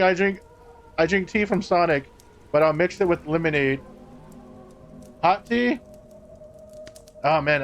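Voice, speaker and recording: Through a streaming microphone with dull audio, a man with a fairly high-pitched voice streams a game live. He banters casually with his chat, swearing and laughing along the way.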